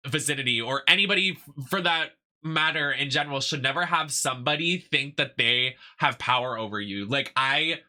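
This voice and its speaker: A young American man chats casually while streaming games, ranting in a sassy, emphatic way. His mid-range voice moves at normal speed and sounds pushed and bright.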